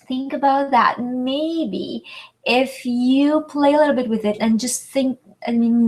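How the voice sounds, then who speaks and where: A French tutor whose first language is French teaches a webinar lesson in a slightly high voice, captured on a rough recording. She speaks slowly and deliberately, stretching her vowels to enunciate everything.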